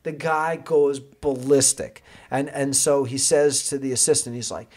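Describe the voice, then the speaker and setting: A man guest on an interview show, a sports agent, telling a story with lively energy and frequent laughs. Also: medium pitch, a little slow. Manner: lively, laughing, acts out other voices. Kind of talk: animated anecdote storytelling.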